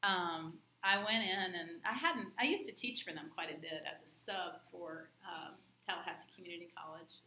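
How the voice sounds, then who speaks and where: A woman's voice: on the low side, normal speed, hardly any pauses, pushed and bright. A woman who works as a leadership trainer, chatting casually with a group and telling stories animatedly, acting out whispered exchanges. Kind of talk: casual group check-in chat. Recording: echoey room with clear background noise.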